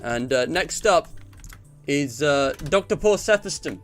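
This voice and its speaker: A man's voice: on the high side, lively intonation, measured pace, soft background music. Chatty young man hosting a stream. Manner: chatty, rambling, laughs often. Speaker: stream host. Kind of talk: casual stream chat.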